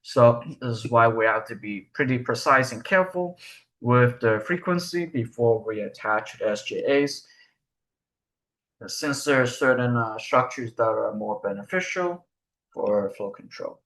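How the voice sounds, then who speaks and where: A man's voice: mid-range voice, expressive, measured pace, a bit bright. A young man giving a recorded research presentation, explaining step by step and asking rhetorical questions.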